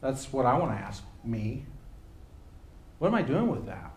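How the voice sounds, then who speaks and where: A man's voice: medium pitch, big pitch swings, normal speed, a little mellow. Man teaching a Bible class, roomy echo. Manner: conversational, restarts phrases, rising emphasis on key words.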